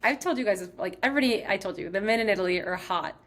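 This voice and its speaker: A woman's voice: mid-range voice, fast, fairly bright tone. A young woman from Texas hosting a podcast, chatting casually as she tells a personal story, filling her sentences with "like". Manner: chatty, heavy use of "like". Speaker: podcast host.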